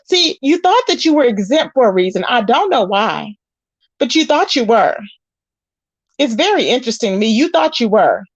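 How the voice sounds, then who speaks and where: Sassy high-voiced woman streamer. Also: big pitch swings, moderate pace, no room sound. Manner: sassy, calls viewers child and honey. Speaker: live-stream commentator. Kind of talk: casual live-stream commentary reading chat. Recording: dull lo-fi, dry.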